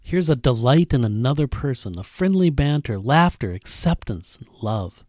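A male pastor preaching, reading a story aloud and voicing its characters, earnest and dropping to a soft hush at tender moments. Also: lively intonation, normal speed, few pauses, no echo, clean studio sound. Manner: reads a story aloud, voicing characters with big pitch jumps. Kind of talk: sermon with read-aloud story.

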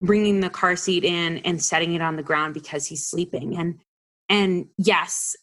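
A woman's voice: fairly low pitch, steady tone, normal speed. A woman in her forties, a health practitioner, explaining earnestly as a guest on an interview podcast.

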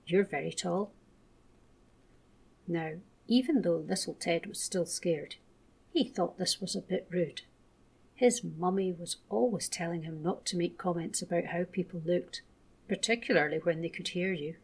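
Woman, children's story reading, gentle, slightly low, husky. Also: moderate pace.

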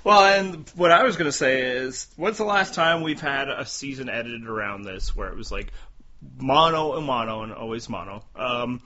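A man's voice: mid-range voice, animated, moderate pace, bright, forceful tone, a little hiss or hum. A man co-hosting a podcast in casual chat, wry and teasing with strong opinions. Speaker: podcast co-host. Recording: dull lo-fi audio.

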